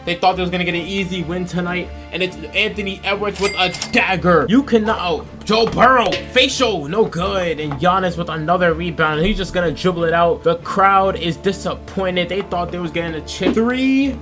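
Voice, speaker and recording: A young man giving loud, profane play-by-play commentary over a basketball video game, shouting at big plays. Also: high-pitched, steady tone, fairly quick, few pauses, over music. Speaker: gaming YouTuber.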